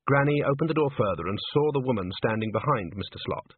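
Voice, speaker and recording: A man reading a story aloud in an expressive storytelling manner. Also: medium pitch, fast talker, few pauses, husky, dry recording. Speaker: audiobook narrator. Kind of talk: scripted narration. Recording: dry, tinny phone-like sound.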